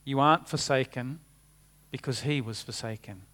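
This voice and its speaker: A man preaching a sermon, earnest, rising for emphasis and dropping to a hushed tone. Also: mid-range voice, moderate pace.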